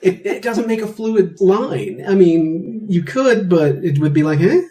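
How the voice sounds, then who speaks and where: Lively co-host full of laughter. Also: mid-range voice, unhurried. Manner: lively, laughing, joking asides. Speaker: podcast co-host. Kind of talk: casual movie review chat.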